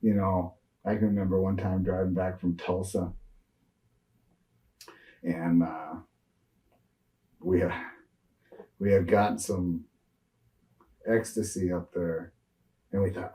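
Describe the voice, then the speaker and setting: A man's voice: low-pitched, little pitch movement, slow pace, pauses often, warm tone, distant mic, poor audio. A man in his sixties, a retired wrestler, rambling through road stories in a shoot interview with lots of fillers and restarts.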